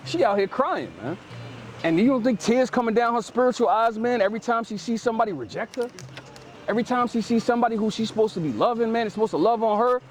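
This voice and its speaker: A man's voice: very high voice, quick pace. A man preaching outdoors, explaining scripture in loose street slang and tagging phrases with "man". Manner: lively and emphatic, paraphrases scripture in street speech.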